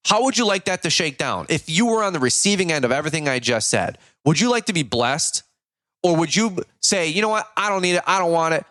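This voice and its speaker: A man hosting a podcast, preaching hard and scolding his audience with a lively, swooping delivery. His voice sits a little high for a man, close and dry on the mic. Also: no room sound. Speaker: podcast host. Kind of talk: impassioned monologue.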